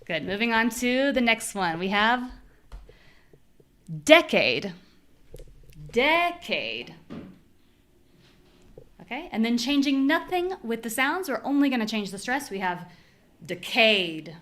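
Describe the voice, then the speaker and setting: An American woman teaching a live online pronunciation class, modeling words with clear, exaggerated stress. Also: on the high side, animated, a little fast, hardly any pauses, fairly bright tone.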